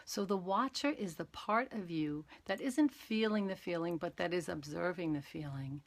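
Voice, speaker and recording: A woman teaching mindfulness on a live stream, calmly talking listeners through breathing exercises step by step. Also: lowish voice, normal speed. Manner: calm, gentle, talks exercises through step by step. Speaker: meditation and awareness teacher.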